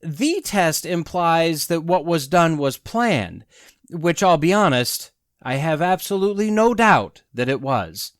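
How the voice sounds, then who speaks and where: A man's voice: fairly high pitch, unhurried, no echo, clean studio sound. A man in his forties hosting a solo podcast, telling stories with sarcastic asides and talking straight to the listener. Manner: sarcastic, animated storytelling with wry asides; skeptical, talks straight to the listener. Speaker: podcast host.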